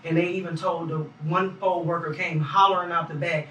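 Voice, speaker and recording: A man's voice: on the high side, steady tone, a little fast, few pauses, pushed and bright. A man recounting what he observed as a poll challenger in an emphatic, detailed way, recorded in an echoey room from a distance. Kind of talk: interview testimony.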